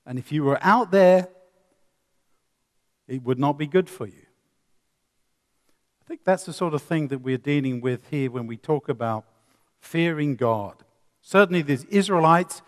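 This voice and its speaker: A man preaching a sermon, swinging between loud emphasis and quiet asides, with many rhetorical questions. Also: a little high, slow pace, pauses often. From England. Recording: long reverb of a hall.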